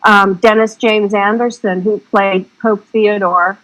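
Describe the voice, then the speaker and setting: A woman talks as a podcast guest, her voice sitting at an ordinary middle pitch. She tells her stories in a loose, rambling, chatty way, circling back as she goes. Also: fairly even intonation, slow, a bit bright, low-quality recording. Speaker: guest filmmaker. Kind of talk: casual interview chat.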